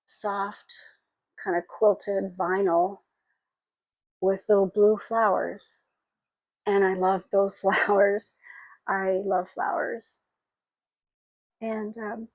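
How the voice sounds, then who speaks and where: A woman in her sixties telling personal memories in a halting, reflective, tearful way. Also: mid-range voice, a little mellow, dry recording, low-quality recording. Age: 60s. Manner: halting and reflective, with frequent pauses and fillers; tearful and emotional. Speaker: spiritual vlogger. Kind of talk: personal memoir monologue.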